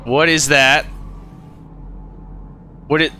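A man giving casual let's play commentary on a game, chatty and animated, swearing and talking to the creatures on screen. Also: medium pitch, measured pace, pauses often, a little hiss or hum. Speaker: gaming channel host.

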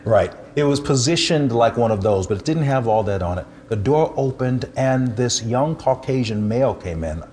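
An older man, a pastor, telling a personal testimony in an animated, humorous way and poking fun at himself. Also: mid-range voice, normal speed, hardly any pauses. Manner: animated, humorous, self-deprecating storyteller.

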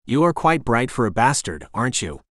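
A man's voice: mid-range voice, big pitch swings, fairly quick, a bit bright, dry recording, studio quality. A man voicing a cruel, mocking male demon king who taunts his captors in an audiobook. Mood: menacing taunt. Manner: taunting, cackling menace.

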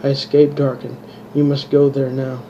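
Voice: medium pitch, little pitch movement, normal speed, slight background noise, close to an everyday voice. Man reading as a distant imprisoned wizard. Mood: urgent. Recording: dull lo-fi recording.

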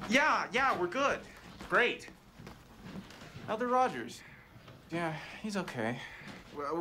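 An actor playing an eager, somewhat vain young male missionary who talks in an animated way. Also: sits high, background noise. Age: young adult.

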